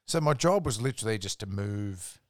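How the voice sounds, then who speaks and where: An Australian man with a fairly low voice tells rambling work stories as a podcast guest. His talk is relaxed and full of swearing. The sound is dry and close, with no room to it. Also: brisk, no echo. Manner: laid-back, sweary, rambling anecdotes. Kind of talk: casual storytelling chat.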